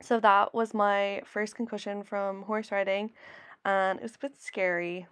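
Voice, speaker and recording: A young Irish woman hosting her channel narrates a casual vlog voice-over across riding footage, chatty and heartfelt, with plenty of "like" fillers. Her medium-pitched voice is clear and resonant, with little pitch movement and a measured pace, while background music plays.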